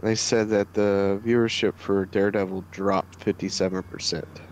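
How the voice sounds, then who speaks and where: A man's voice: on the low side, level tone, normal speed, darkish tone, slight background noise, low-quality recording. A man chatting casually as a player, breaking in with small talk and stammering restarts. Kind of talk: casual chat.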